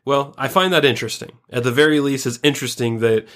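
A man in casual podcast chat with a middle-pitched voice. He jokes crudely and gets animated when he pushes a point. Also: quick pace. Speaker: podcast co-host.

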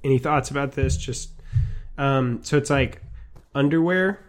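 A man's voice: medium pitch, unhurried. A young man co-hosting a comedy podcast, rambling and hesitant as he jokes. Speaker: podcast co-host. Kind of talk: casual comedic podcast banter.

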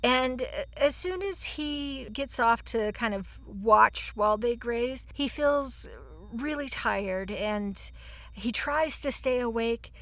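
A woman's voice: on the high side, takes it slowly, a bit bright, no room sound. A woman casually retelling a folktale as a podcast host, swearing freely and laughing at her own jokes. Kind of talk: casual storytelling chat.

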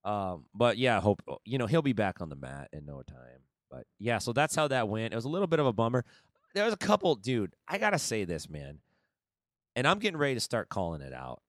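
A man co-hosting a podcast in casual chat, telling stories in an animated way and saying "man" and "dude" often. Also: fairly low pitch, brisk, no room sound, studio quality. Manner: animated storytelling, says "man" and "dude" a lot. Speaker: podcast co-host and kids' jiu-jitsu coach.

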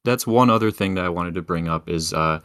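A man's voice: deep voice, brisk, dry recording. A man co-hosting a podcast, talking casually about a film with frequent fillers and hesitations. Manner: relaxed, hesitant, lots of fillers. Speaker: podcast co-host.

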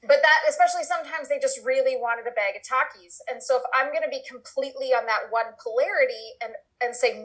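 Brief: middle-aged woman, higher-pitched, expert guest on a podcast, explains patiently with examples. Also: a little fast, hardly any pauses, a bit bright, rough recording. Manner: thoughtful, talks in long examples with acted quotes. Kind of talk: podcast interview answers.

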